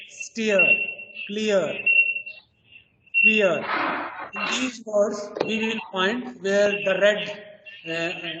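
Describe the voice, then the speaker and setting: A woman lectures slowly, hesitating often and leaning on fillers as she explains each point. Her voice sits well back from the mic in a roomy, echoing space. The recording sounds dull and muffled, with loud noise underneath. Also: mid-range voice, recorded from a distance. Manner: hesitant, many pauses and "you can say" fillers. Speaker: teacher.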